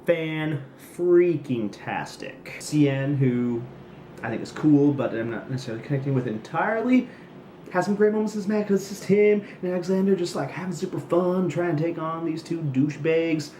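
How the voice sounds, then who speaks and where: A man's voice: a little high, brisk, dark tone, slight background noise. A young man casually recapping wrestling episodes, snarky and rambling with jokey asides. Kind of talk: casual solo recap commentary. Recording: roomy echoey room.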